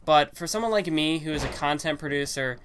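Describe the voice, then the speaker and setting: A man's voice: on the high side, a little fast, fairly bright tone, slight background noise. A young man giving casual, rambling commentary on a wrestling video game, full of fillers and self-corrections. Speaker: gaming channel host. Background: game music.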